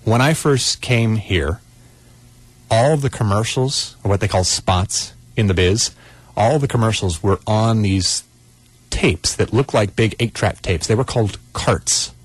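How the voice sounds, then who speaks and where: A man with a somewhat low voice runs a call-in tech show from a radio studio. He talks in a loose, folksy way, circling back and restarting his sentences as he explains things. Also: unhurried, husky, dry recording. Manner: rambling, restarts often, folksy. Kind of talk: casual call-in radio chat.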